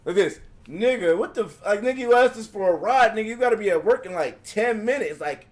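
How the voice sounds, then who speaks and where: Guest storyteller: man, high-pitched voice, animated, profane, casual live-stream telling. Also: brisk. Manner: animated, acts out quotes, profane.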